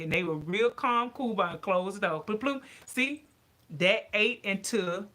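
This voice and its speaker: A woman vlogger chatting casually to her viewers, animated and given to ranting. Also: mid-range voice, a little slow. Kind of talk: casual chat to camera.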